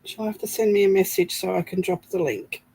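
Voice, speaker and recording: A woman's voice: mid-range voice, a little fast, vocal fry, dark tone, breathy edge, poor audio. A woman hosting a casual crafting livestream, chatting and greeting viewers by name as she works.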